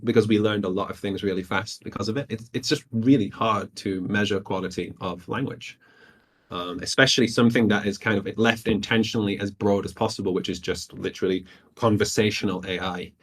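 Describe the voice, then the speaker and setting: Man, low voice, subnet developer thinking aloud on a call, lots of "um"s. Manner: thoughtful, many fillers and restarts. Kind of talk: casual chat on a voice call.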